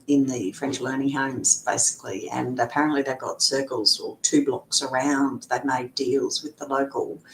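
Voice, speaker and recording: Chatty woman with faint rumble. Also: poor audio. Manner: chatty, laughs often, many fillers. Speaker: guest, lawyer. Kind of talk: casual interview chat.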